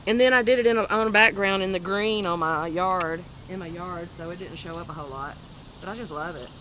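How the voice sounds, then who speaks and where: A woman's voice: fairly low pitch, a little fast, a bit bright. Southern woman host, chatty show-and-tell, laughs at herself, faint noise behind. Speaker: crochet podcast host. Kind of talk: casual show-and-tell chat.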